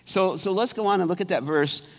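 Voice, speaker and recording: A man's voice: high-pitched, brisk. A man preaching a conversational sermon as pastor, often restarting his sentences. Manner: conversational, rambling with many restarts. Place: church sanctuary. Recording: echoey church sanctuary.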